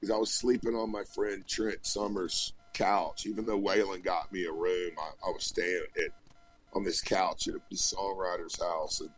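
A touring musician being interviewed over a remote call, telling a long story in a chatty, rambling way with many restarts. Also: male voice, deep voice, flat delivery, moderate pace, slightly rough, faint music behind, low-quality recording. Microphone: remote call connection.

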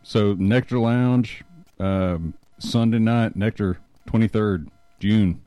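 Low, mellow-voiced male host. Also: slow pace, clear, resonant tone, dry recording, soft background music. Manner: brief, encouraging interjections. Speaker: interview host. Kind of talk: casual interview.

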